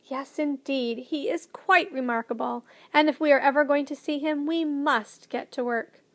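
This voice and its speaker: A woman's voice: sits high, normal speed, a bit bright. A woman voicing a kindly, proud old male professor, emphatic and cheerfully lecturing in a storybook reading.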